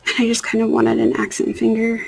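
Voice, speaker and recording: A young woman talks casually while painting her nails, her voice husky and a little gravelly. She sits somewhat high for a woman and rambles, often dropping to a near-whisper at the ends of thoughts. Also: monotone, a little fast, poor audio. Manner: rambling, soft-spoken, drifting into near-whispers. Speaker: nail art vlogger. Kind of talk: casual chat.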